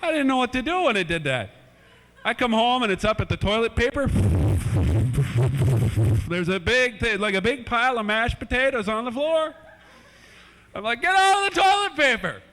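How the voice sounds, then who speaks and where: A man's voice: very high voice, expressive, normal speed, long pauses, pushed and bright, a little hiss or hum. A man doing playful family stand-up comedy in a church hall, chatting with kids in the crowd, on an old VHS recording.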